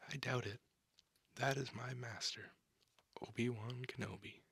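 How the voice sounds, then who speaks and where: A man voicing an earnest twelve-year-old Jedi apprentice in a soft, slightly proud whisper as whispered role-play. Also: mid-range voice, a little slow, vocal fry, breathy edge, no room sound, exaggerated voice.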